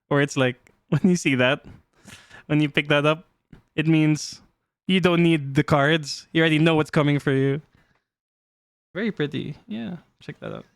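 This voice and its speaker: A man streaming live, chatting casually with his chat while showing cards, playful and quick to laugh. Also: fairly high pitch, creaky, no room sound, clean studio sound. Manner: playful, giggly, talks to chat. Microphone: desk mic.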